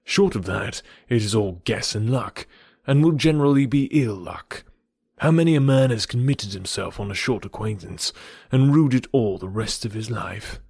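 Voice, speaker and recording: A man voicing a charming young gentleman who talks in a lively, teasing way. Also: fairly low pitch, moderate pace, gravelly, slightly rough, no echo, clean studio sound, exaggerated voice.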